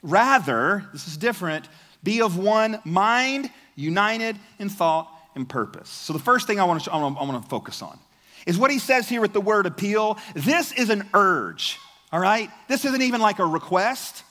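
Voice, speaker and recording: A man with a notably high voice delivers a sermon from the pulpit, talking to the congregation in a loose, animated, conversational way and often repeating himself as he builds a point. His voice rings out with a long reverb tail, as in a large church hall. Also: moderate pace. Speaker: pastor.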